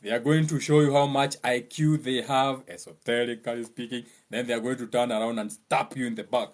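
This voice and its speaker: A young Kenyan man giving a mocking, joking monologue, laughing at his own lines and slipping into high mimicking voices. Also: steady tone, a little fast. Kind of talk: humorous monologue.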